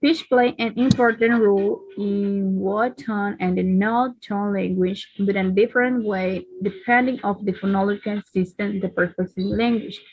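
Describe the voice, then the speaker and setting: A woman's voice: mid-range voice, fairly even intonation, normal speed, hardly any pauses, dry recording, muffled recording, faint music behind. A woman whose first language is Spanish, reading a class presentation with hesitations and fillers. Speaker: student presenter.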